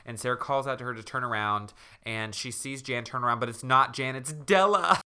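Bright, crisp-voiced man retelling a book. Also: medium pitch, a little fast. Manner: animated storytelling, acts out characters. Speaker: podcast co-host. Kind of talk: comedic book recap.

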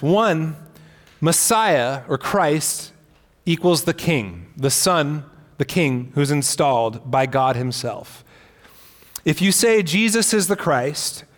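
A man's voice: on the high side, in a large hall. A man preaching a sermon, teaching earnestly and reading scripture aloud. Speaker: pastor.

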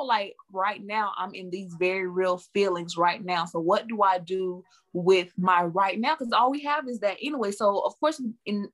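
Expressive woman podcast host. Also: mid-range voice. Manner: expressive, emotional, animated, with exclamations. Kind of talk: casual chat.

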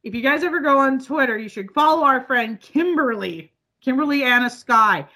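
Bright, loud, laughing woman. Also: sits high, expressive, normal speed. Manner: loud, laughing, swearing freely. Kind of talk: casual chat.

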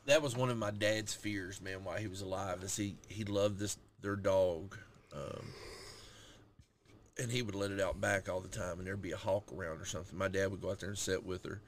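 A man in his thirties co-hosting a podcast, chatting casually with lots of slang and swearing, telling animated stories. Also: deep voice, fairly quick, slight background noise. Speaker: podcast co-host. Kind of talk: casual chat.

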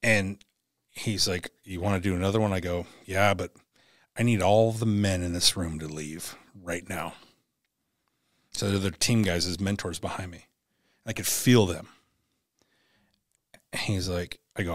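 A man's voice: low voice, fairly even intonation, measured pace, pauses often, no echo, clean studio sound. A middle-aged man, a former Navy SEAL, speaking as a podcast guest. He tells a personal story candidly and bluntly, with profanity, and acts out the dialogue he quotes.

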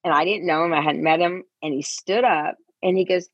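A middle-aged woman, a guest on a call interview, telling stories with animated quoted voices. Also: deep voice, quick pace, vocal fry, few pauses, slightly rough, dry recording, highs cut off. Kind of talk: casual interview storytelling. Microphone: earbud.

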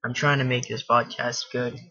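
A man hosting his own casual podcast, rambling and self-deprecating, talking loudly from across the room into his computer's mic. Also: medium pitch, level tone, normal speed, lo-fi sound. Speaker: podcast host. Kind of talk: casual solo podcast monologue.

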